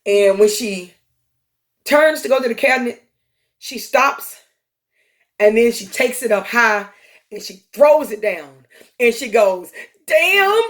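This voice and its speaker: A woman hosting a podcast, retelling a TV episode in a casual, conversational way with frequent ums and uhs. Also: on the high side. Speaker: podcast host. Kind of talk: casual storytelling monologue.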